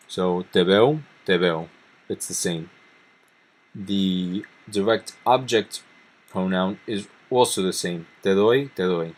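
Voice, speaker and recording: A man with a fairly low, slightly mellow voice teaches a language lesson over slides, explaining grammar step by step. He's methodical, reading Spanish example sentences aloud between his English explanations.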